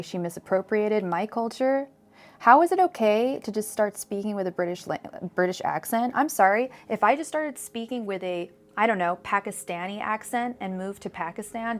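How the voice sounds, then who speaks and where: Chatty woman doing a live tarot reading. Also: medium pitch. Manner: chatty, digressive, frequent fillers and restarts. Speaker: tarot reader.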